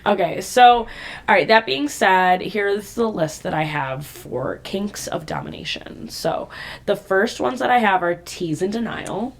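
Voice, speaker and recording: A woman co-hosting a casual podcast, chatting and explaining terms from her notes, often dropping into a soft, low voice. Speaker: podcast co-host.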